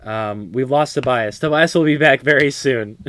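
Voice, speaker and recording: A man's voice: medium pitch, moderate pace, dry recording. A man co-hosting a casual podcast chat over a video call, joking and laughing often. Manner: animated, jokey, laughs often. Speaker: podcast co-host. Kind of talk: casual chat on a live stream. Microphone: computer mic on a video call.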